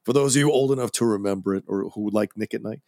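Brief: relaxed male co-host, enthusiastic film talk, dry close mic. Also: fairly low pitch, quick pace, creaky, no room sound. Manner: easygoing, enthusiastic. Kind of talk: casual chat.

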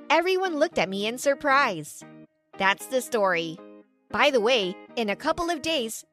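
A woman tells a first-person story in an earnest, dramatic way. Her voice sits high, with soft music playing underneath. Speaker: story narrator.

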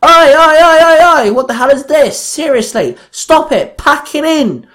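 A man's voice: very high voice, expressive, unhurried, fairly bright tone, voice pushed up, full character voice. A man reading aloud, voicing a young woman ranger who barks orders like a stern headmistress. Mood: shouting. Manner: barking, commanding.

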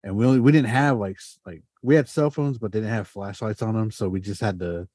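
A man's voice: lowish voice, a little fast, husky, dry recording. A man hosting a podcast, telling a story casually with lots of fillers and swearing. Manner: animated, swears often, heavy fillers. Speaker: podcast host.

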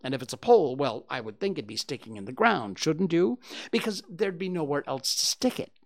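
A man's voice: a little high, very animated, a little fast, vocal fry. Rabbit, a man doing a fussy, pompous rabbit. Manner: fussy, hesitant, self-important. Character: fussy, self-important male rabbit. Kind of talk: storybook reading.

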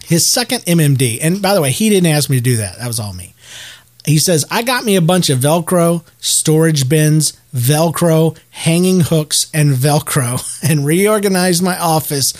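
A man in his thirties hosts a casual solo podcast in a slightly high voice. He rambles, restarts his sentences and jokes at his own expense. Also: expressive, normal speed. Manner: rambling, self-deprecating, many restarts. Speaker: podcast host.

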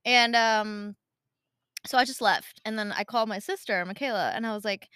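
A woman co-hosting a casual podcast, telling a story in an animated way and acting out what people said. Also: mid-range voice, fast, no room sound, studio quality. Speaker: podcast co-host. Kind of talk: casual chat.

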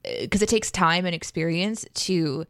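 Woman in her thirties, co-host, animated and foul-mouthed teller of stories, dry close sound. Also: lowish voice, normal speed, no echo. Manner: animated storyteller, swears freely, acts out voices. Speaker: podcast co-host. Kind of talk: casual chat.

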